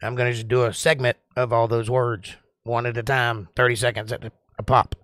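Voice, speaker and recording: A man's voice: mid-range voice, flat delivery, a little fast, fairly bright tone, dry recording, clean studio sound. Southern man chatting on a livestream. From Georgia, US. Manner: rambling, joking, drawling. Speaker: livestream host. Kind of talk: casual live-stream chat reading comments.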